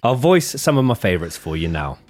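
A man hosting a podcast in casual chat, reading reviews aloud in a lively, jokey way. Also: sits low, fast, no echo, faint music behind. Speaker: podcast host.

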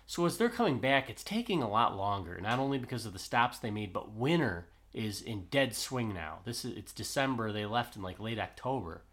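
A man's voice: fairly low pitch, expressive, a little fast, hardly any pauses, fairly bright tone. A man hosting a history podcast, casually retelling events and acting out the quotes of the people involved. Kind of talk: casual storytelling chat.

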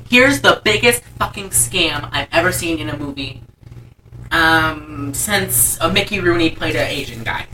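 A woman chatting loosely and rambling, swearing freely as she recaps a story. Her voice is bright and forceful with a slightly low pitch. She sits a little back from the mic, with faint noise behind her. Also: distant mic, poor audio. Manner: rambling, profane, acts out characters' lines. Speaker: podcast co-host recapping a movie. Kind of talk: casual chat.

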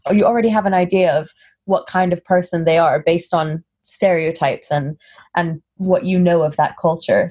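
A woman from Singapore with an American-sounding accent, speaking as an interview guest in a relaxed, thoughtful way, often pausing with fillers. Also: lowish voice. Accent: American-sounding English. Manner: thoughtful, frequent "um" fillers, acts out quoted exchanges. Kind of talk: casual conversational interview.

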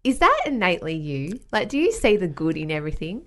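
A woman's voice: fairly low pitch, big pitch swings, fast talker, a bit bright. Woman asking thoughtful questions. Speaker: interviewer. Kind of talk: casual interview chat.

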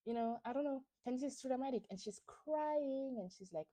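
A woman's voice: high-pitched, animated, a little fast, few pauses, mellow. A woman hosting a podcast, recapping a reality show in a casual, opinionated, gossipy way with lots of fillers. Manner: opinionated and chatty, with many fillers. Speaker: podcast host.

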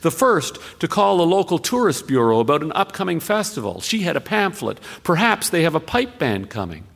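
A man reading a listener's story aloud on the radio, measured and expressive, with deliberate pauses. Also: on the high side, creaky, in a large hall.

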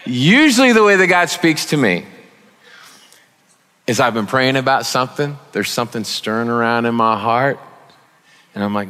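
A man preaching as a guest speaker, conversational and joking, with sudden loud emphasis. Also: mid-range voice, lively intonation, normal speed, pauses often, clean tone. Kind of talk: sermon. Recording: long reverb of a large hall.

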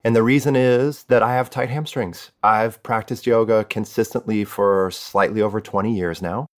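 A man in his forties, a yoga teacher, explaining things in a relaxed, self-deprecating way on a podcast. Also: fairly low pitch, moderate pace. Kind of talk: casual podcast conversation.

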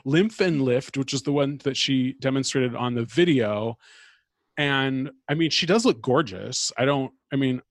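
A man's voice: medium pitch, a little slow, no room sound, studio quality. A man co-hosting a casual chat, talking in a wry, chatty way full of hedges and fillers. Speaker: podcast co-host.

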